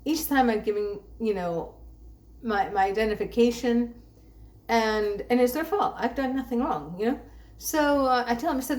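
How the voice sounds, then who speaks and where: A woman's voice: a little high, lively intonation, normal speed, darkish tone. A woman telling an exasperated story about being passed between customer service agents, acting out the quoted lines. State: sleep-deprived. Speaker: dissatisfied bank customer. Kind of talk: ranting vlog monologue.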